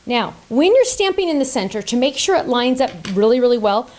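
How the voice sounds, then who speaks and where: A woman's voice: high voice, very animated, a little fast, a little mellow, low-quality recording. A woman hosting a casual card-making tutorial, chatty and playful, making silly sound effects and joking about herself. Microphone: top-down camera setup.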